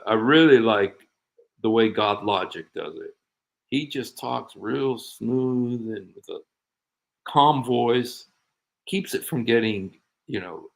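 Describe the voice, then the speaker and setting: A middle-aged man hosting a casual livestream chat, rambling and animated with frequent laughs. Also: medium pitch, vocal fry, poor audio. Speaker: show host.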